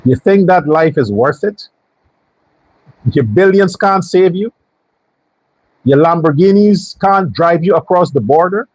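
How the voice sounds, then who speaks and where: A man with a high, husky voice delivers a heated political commentary monologue as host of his show. He is blunt and profane, and he keeps stacking rhetorical questions. The sound is close and dry. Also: animated, a little slow, pauses often, dry recording, rough recording.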